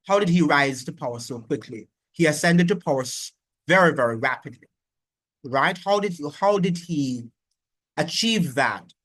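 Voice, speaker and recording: A man delivers a political commentary monologue, pressing his points with one rhetorical question after another. His voice sits somewhat high for a man. The sound is dry, with no room around it. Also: animated, normal speed, fairly bright tone, dry recording. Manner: argumentative, full of rhetorical questions. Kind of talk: opinion monologue.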